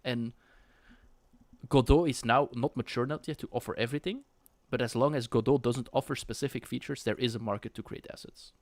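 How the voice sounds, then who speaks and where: A man's voice: mid-range voice, fairly quick, no room sound. Chatty man with a dry close sound. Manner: chatty, with frequent restarts and laughs. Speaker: co-host. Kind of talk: casual podcast chat.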